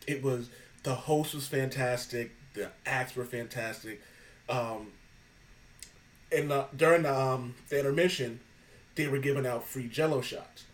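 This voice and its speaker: A man's voice: mid-range voice, measured pace, far from the mic, rough recording. A man hosting a podcast, telling stories in casual chat, swearing freely and laughing often. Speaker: podcast host.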